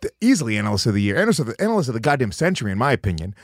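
A man's voice: mid-range voice, big pitch swings, racing, no room sound, clean studio sound. A man hosting a podcast, talking in rambling, self-deprecating banter with plenty of swearing. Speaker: podcast host.

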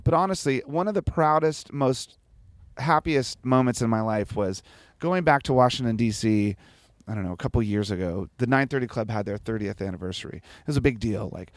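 Man in his forties, casual chat, lively swearing storyteller, dry close sound. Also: medium pitch, fairly quick, dry recording. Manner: animated, swears often, laughs while telling stories. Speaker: guest musician.

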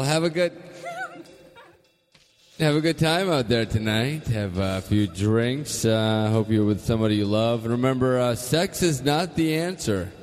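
A man drawling out stage patter at a very slow pace, his voice a touch high. A long reverb trails behind him with faint music underneath. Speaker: comedy podcast host. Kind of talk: improvised comedy bits.

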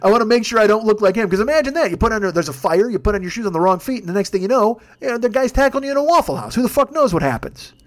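A man hosting a podcast, telling a rambling comic story in a casual, swearing, animated way. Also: high voice, racing, hardly any pauses. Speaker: podcast host. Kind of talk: comedic storytelling.

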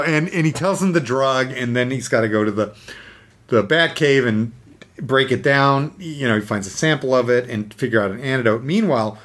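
A man telling a story in casual chat, animated, using many fillers and acting out the scenes. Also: medium pitch, normal speed.

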